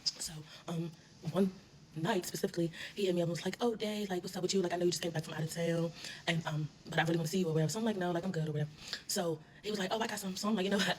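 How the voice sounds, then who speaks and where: A woman telling a casual, animated storytime, with plenty of slang and swearing. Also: lowish voice, very fast, a little hiss or hum. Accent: US Southern.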